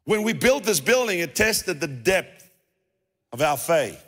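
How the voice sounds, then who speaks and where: A man's voice: a little high, very animated, measured pace, fairly bright tone, breathy edge. A man with a South African accent preaching a sermon, talking in a casual way and repeating himself as he goes. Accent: South African English. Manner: conversational preaching with restarts and repeated phrases. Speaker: pastor. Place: church hall. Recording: long reverb of a church hall.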